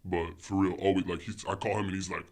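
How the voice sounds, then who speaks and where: A man's voice: sits low, little pitch movement, fast. A young man, talking loosely as a podcast guest, full of fillers and swearing. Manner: loose, profane, heavy on fillers. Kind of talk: casual chat.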